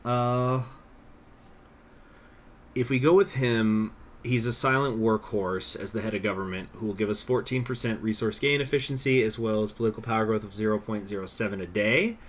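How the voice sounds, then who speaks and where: A man's voice: lowish voice, steady tone, normal speed. Rambling young male game streamer. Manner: rambling, swears freely, many fillers. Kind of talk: casual live-stream commentary.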